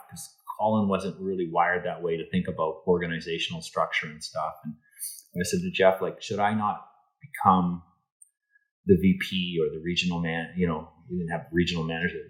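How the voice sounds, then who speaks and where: A man from Canada, a guest in an interview, telling a story with lively acted-out dialogue and many restarts. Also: low voice, normal speed, poor audio. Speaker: interview guest, insurance executive.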